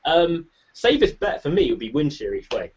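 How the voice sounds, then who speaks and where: A man's voice: fairly high pitch, sing-song, breathy edge. A man hosting a casual chat, reading out listener questions with jokey asides. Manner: chatty, jokey, quick asides. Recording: muffled lo-fi recording.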